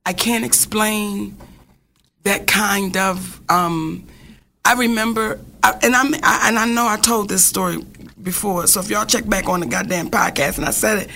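A woman hosting a podcast, telling a story in an animated, casual way and swearing freely. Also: medium pitch, normal speed, vocal fry. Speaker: podcast host.

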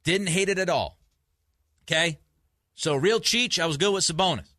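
A grumpy, sleep-short man hosts sports talk radio with a bright, forceful tone. He is emphatic, keeps restarting and repeating himself, and sits on a dry, close studio mic. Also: high-pitched, moderate pace, dry recording.

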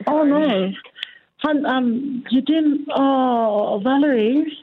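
A woman's voice: sits high, extremely slow, slightly rough. A woman manager on the phone, flustered and dismayed. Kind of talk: phone call to radio show. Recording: tinny phone line.

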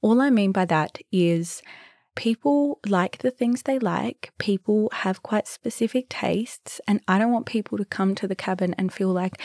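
A young woman hosting a podcast, telling stories in a chatty, animated way and sometimes dropping to a whisper. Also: medium pitch, a little slow, no room sound, clean studio sound. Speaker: podcast host and B&B owner. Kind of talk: casual storytelling.

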